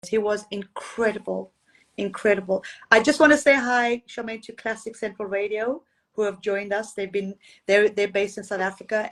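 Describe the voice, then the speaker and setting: A woman at a middle pitch tells stories from her career in an easy, chatty way and laughs often. She sounds relaxed and open, as if talking on a video call. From Zambia and Zimbabwe. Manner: warm, storytelling, laughs often. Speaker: interviewed singer. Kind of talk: casual interview.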